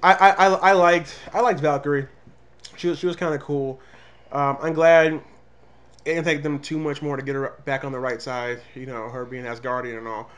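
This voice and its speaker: A man co-hosting a casual comic review show, talking animatedly and dropping into quick voices when he quotes characters. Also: medium pitch, fairly even intonation, fairly bright tone. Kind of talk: casual movie review chat.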